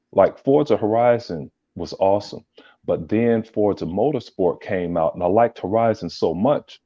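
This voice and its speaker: Low dark-toned dude chatting laid back, dry muffled lo-fi line. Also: male voice, dry recording. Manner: laid-back, rambling, many restarts. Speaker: podcast guest. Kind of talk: casual chat. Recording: dull dry lo-fi sound.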